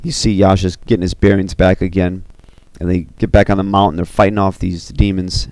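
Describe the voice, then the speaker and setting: Man, deep and gravelly, casual film storyteller with lots of fillers, dry close mic. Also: fairly quick, no room sound. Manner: animated, filler-heavy with you know and uh. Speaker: storyteller recounting an animated film. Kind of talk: casual retelling.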